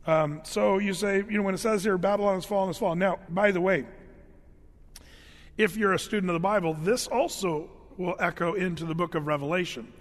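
High-voiced man preaching casually in a hall. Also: normal speed. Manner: casual, conversational, humorous storytelling; frequent fillers and restarts. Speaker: pastor. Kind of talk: sermon.

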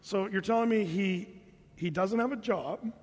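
A man's voice: high voice, normal speed, long reverb tail. A man preaching a sermon as pastor, conversational, now and then mimicking his listeners.

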